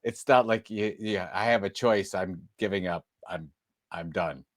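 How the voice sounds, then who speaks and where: A middle-aged man co-hosting a podcast in casual banter, tossing off quick joking one-liners. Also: low voice, dry recording. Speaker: podcast co-host.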